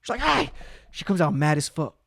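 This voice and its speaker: A man's voice: on the high side, expressive, fast talker, no echo, studio quality. A man hosting his own podcast, telling a rambling, heavily profane story and acting out what people said. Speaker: podcast host. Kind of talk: casual storytelling monologue.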